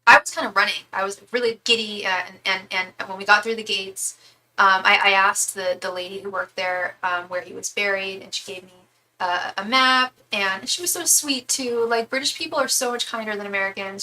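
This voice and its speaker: A woman's voice: medium pitch, fairly even intonation, brisk, pushed and bright, slight background noise. A young woman reading tarot on a live stream, rambling and chatty, full of fillers as she tells stories. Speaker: tarot reader and psychic medium. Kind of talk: casual live-stream chat.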